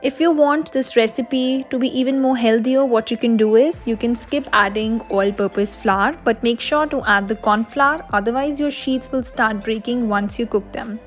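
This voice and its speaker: A woman's voice: fairly high pitch, normal speed, few pauses, faint music behind. A young woman, host of a cooking channel, explaining a recipe step by step in a voice-over.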